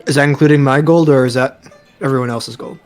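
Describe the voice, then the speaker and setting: A man's voice: medium pitch, quick pace, a little mellow, faint music behind. A man playing a tabletop game who states his moves in a matter-of-fact way. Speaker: player.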